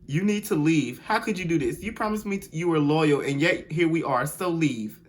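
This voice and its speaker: A man's voice: a little high, normal speed, voice pushed up, close to an everyday voice. A man voicing a heartbroken young woman who firmly tells her boyfriend to leave. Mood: hurt, firm.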